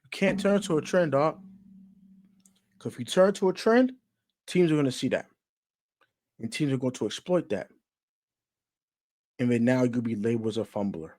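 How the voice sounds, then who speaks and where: A man's voice: medium pitch, lively intonation, normal speed, pauses often. A man ranting about football in casual slang, emphatic and repetitive. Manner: emphatic, repetitive, gets louder as he goes. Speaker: sports commentator. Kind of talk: casual sports rant.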